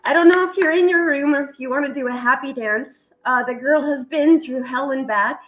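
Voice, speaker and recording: A woman's voice: high voice, normal speed, fairly bright tone, rough recording. A middle-aged woman hosting a casual chat, talking in a heartfelt, tearful way and swearing casually. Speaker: vlog host.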